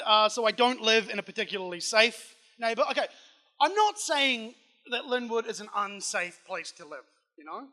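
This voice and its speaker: A young man with a New Zealand accent doing a loud, punchy stand-up set with plenty of swearing, on a comedy club stage with a handheld mic. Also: sits high, lively intonation, normal speed.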